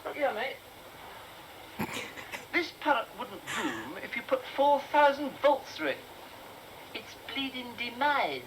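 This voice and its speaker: A woman's voice: sits high, sing-song, takes it slowly, long pauses, full character voice. A woman voicing an indignant male customer who insists, with exasperation, that his parrot is dead. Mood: exasperated. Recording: noisy stream audio.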